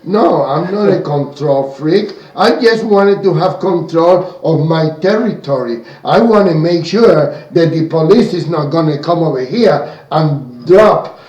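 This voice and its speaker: Cuban-accented man, slow and animated. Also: a little high, echoey room, recorded from a distance, lo-fi sound. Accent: Cuban Spanish. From Cuba. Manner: animated, speaks in broken English. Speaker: radio show co-host. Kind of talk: casual radio talk.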